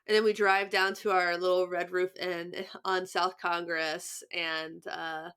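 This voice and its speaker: A woman's voice: lowish voice, little pitch movement, a little slow, fairly bright tone, clear, resonant tone. Young woman, podcast co-host, casual chat, laughs a lot, trips over her words. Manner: chatty, laughs often, many restarts.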